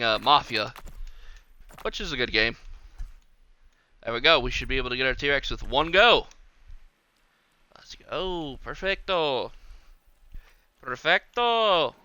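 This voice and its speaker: A man's voice: mid-range voice, normal speed, pauses often, sharp tone, clean tone. A man streaming a park-building game, rambling casually as he plays and talking to the animals on screen. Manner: rambling, chatty, talks to the game. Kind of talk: casual gameplay commentary.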